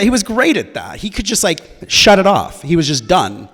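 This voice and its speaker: A young man telling a personal story to an audience, conversational and halting, often restarting his sentences. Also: sits high, huge pitch swings, fairly bright tone, breathy edge, in a large hall.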